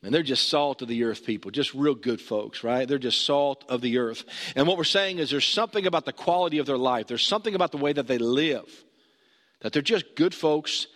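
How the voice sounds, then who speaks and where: A man's voice: mid-range voice, brisk, a bit bright. A man preaching a sermon, conversational and emphatic, putting questions to his listeners. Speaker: pastor. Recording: long hall reverb.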